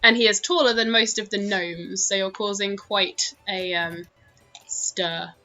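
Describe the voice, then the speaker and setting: A woman's voice: medium pitch, fairly even intonation, a little slow, sharp tone, muffled recording, soft background music. A British woman narrating a tabletop game as dungeon master, chatty and full of fillers. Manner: chatty, laughing, lots of fillers.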